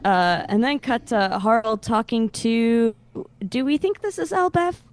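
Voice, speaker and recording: A woman's voice: on the high side, unhurried, no echo. A woman co-hosting a podcast, casually recapping a comic chapter in a playful way. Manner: playful, animated, reads quotes in put-on voices. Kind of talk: casual chat, acting out lines while recapping.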